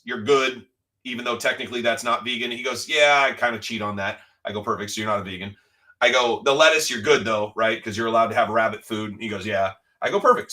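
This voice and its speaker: Joking middle-aged man, bright voice. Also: mid-range voice, recorded from a distance, rough recording. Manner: loose, joking, swears freely. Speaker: livestream card-break host. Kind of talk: casual storytelling chat.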